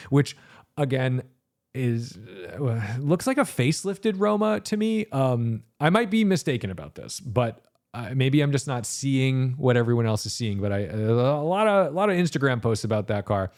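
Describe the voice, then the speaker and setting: A man's voice: medium pitch, lively intonation, normal speed, darkish tone. A man hosting a solo car podcast as a reviewer, talking in a rambling, sarcastic way and now and then slipping into mock quotes. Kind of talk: casual solo podcast monologue.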